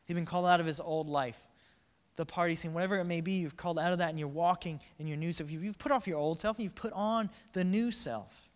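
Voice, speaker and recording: A man's voice: on the high side, quick pace. A man preaching a casual, joking sermon, acting out the quotes in voices. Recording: reverberant hall.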